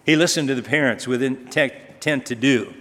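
A man's voice: mid-range voice, a little fast, a bit bright. A man preaching a sermon as pastor, telling stories conversationally and asking rhetorical questions. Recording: long reverb of a large hall.

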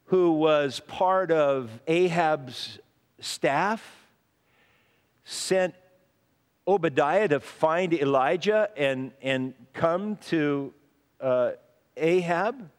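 Man, pastor preaching, earnest, voices the quotes, fairly high voice, long reverb. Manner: earnest, acts out quoted voices, frequent restarts. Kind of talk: sermon.

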